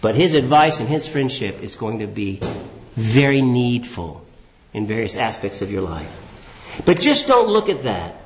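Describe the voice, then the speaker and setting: A man's voice: very animated, a little hiss or hum. Emphatic preacher man, roomy and dull. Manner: asks the congregation questions and answers them himself; swings between raised emphatic phrases and low drawn-out words. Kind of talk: sermon. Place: church hall. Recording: echoey, dull church hall recording.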